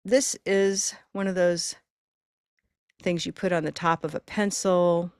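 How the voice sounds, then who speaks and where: A woman's voice: on the low side, fairly even intonation, darkish tone, clean tone, dry recording, clean studio sound. Encouraging woman teaching over a video call. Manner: encouraging, stretches words slowly to demonstrate sounds. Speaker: pronunciation teacher. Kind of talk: live online class.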